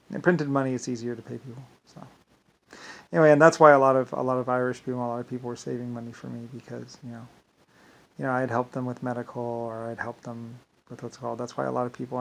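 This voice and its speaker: A man's voice: mid-range voice, creaky. A man talking alone to camera in a rambling vlog monologue, drifting between thoughts and leaning on filler phrases. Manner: meandering, repeats "like I said" and "blah, blah". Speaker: vlogger.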